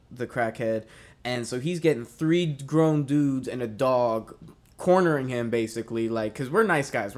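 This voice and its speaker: A young man telling a story in casual chat, rambling and swearing, with lots of fillers. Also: medium pitch. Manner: rambling, profane, many fillers.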